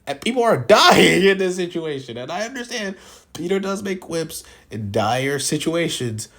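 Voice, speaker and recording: A man's voice: fairly high pitch, very animated, moderate pace, a bit bright. A man casually reviewing films, talking in a rambling, opinionated way and often restarting his sentences. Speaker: film reviewer. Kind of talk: casual spoken film commentary.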